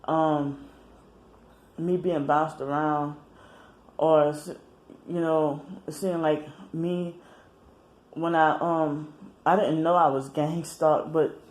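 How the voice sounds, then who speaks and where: Rambling woman, halting and self-correcting. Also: deep voice, darkish tone. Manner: rambling, halting, often corrects herself mid-sentence. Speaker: vlogger. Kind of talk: casual personal monologue.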